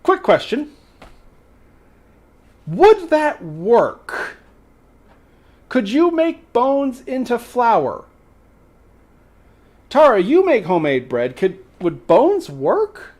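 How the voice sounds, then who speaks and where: Speaking slowly at an extremely high pitch, a livestream host retells a folk tale in a relaxed way. He keeps turning to the chat with lively, exasperated remarks.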